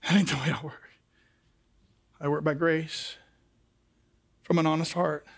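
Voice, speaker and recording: A man voicing Jesus as a gentle, tender adult man, speaking low and hushed in a sermon. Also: steady tone, measured pace, creaky.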